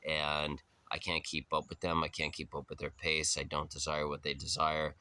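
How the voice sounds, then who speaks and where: A young man with a very low-pitched voice and a bright, forceful edge rambles casually to the camera. He is laid-back and slangy, swears freely and drifts into talk about spirituality and being present. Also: completely flat delivery, moderate pace. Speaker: vlogger.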